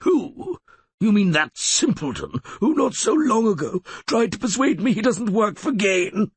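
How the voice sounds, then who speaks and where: A man's voice: a little high, very animated, a little slow, slightly rough, no echo, exaggerated voice. A man doing a sneering, scheming sickly lawyer. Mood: scornful. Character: scheming sickly male lawyer, sardonic and cunning.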